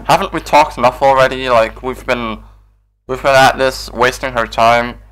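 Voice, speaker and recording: A man's voice: mid-range voice, steady tone, moderate pace, fairly bright tone. A man playing a game, commenting in an exasperated, sarcastic way with frequent swearing. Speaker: game player. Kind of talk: gameplay commentary.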